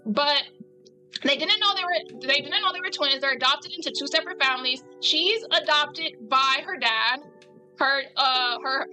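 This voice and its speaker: A woman's voice: high voice, pushed and bright, low-quality recording. A woman chatting casually and animatedly with her viewers while drawing live, in a rambling style.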